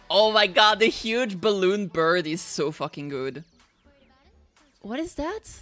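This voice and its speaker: A woman streaming a game and chatting casually with viewers, bubbly and excitable, swearing now and then. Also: mid-range voice. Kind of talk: casual live-stream chat while gaming.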